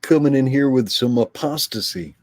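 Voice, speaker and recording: A man co-hosts a casual livestream, relaxed and teasing as he reads out viewer comments. His voice sits in an ordinary middle register, and the room is dry with no echo. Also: mid-range voice, moderate pace. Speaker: livestream co-host.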